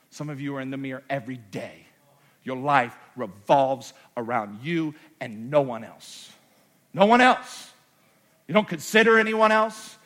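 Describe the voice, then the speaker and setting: A man preaching a sermon to his congregation, swinging from quiet, joking asides to loud, shouted proclamations. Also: mid-range voice. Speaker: pastor. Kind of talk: energetic sermon. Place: church sanctuary with congregation.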